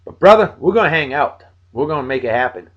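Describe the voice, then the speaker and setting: A man's voice: on the high side, expressive, fast talker, muffled recording. Tired, joking man in his forties. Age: 40s. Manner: joking, friendly, swinging between loud bursts and mumbles. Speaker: video blog host. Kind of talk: casual shout-outs to friends.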